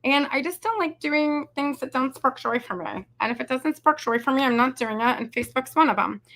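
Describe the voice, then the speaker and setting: A woman's voice: high voice, brisk, fairly bright tone. A woman, chatting casually and rambling as she hosts a craft tutorial. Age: 40s. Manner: chatty, rambling, says "y'all" and "you guys". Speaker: craft video host.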